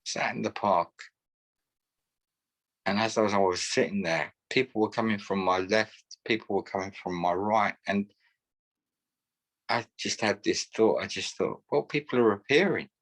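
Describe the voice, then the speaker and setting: Older man with a low voice, sharing his story earnestly and reflectively in a group session. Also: steady tone, a little slow, long pauses, fairly bright tone, poor audio. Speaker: support group member. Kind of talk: personal testimony.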